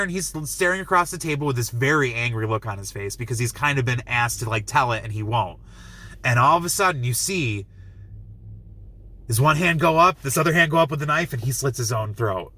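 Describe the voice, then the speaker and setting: A young man reviewing a film, retelling the plot in an excited, rambling way full of "like" and acting out lines. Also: medium pitch. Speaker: movie reviewer. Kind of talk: enthusiastic movie review.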